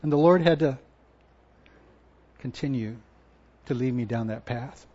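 A male pastor giving a sermon, moving from quiet personal reflection to loud, emphatic repetition. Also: mid-range voice, measured pace, slight background noise. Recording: dull lo-fi sound.

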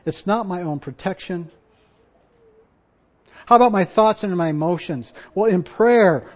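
A male pastor giving a sermon, moving from quiet personal reflection to loud, emphatic repetition. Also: on the high side. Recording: dull lo-fi sound.

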